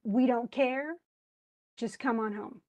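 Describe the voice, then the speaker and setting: A woman voicing a loving mother who warmly coaxes her daughter to come home, reading the part in a class. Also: fairly high pitch, takes it slowly. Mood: tender. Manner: warm, coaxing. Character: loving older mother, warm and welcoming.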